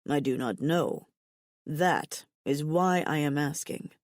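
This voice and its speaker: A woman voicing a calm alien barbarian man. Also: takes it slowly, no echo, studio quality. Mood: mild. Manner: low, mild, even tone. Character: calm, mild-mannered male alien barbarian warrior. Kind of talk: audiobook character voice.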